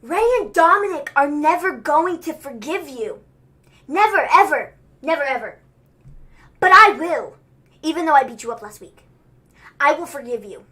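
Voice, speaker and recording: A young woman imitating a male wrestler who grandly forgives others and offers to officiate, in a mock-solemn way with drawn-out repetition. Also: high voice, lively intonation, sharp tone.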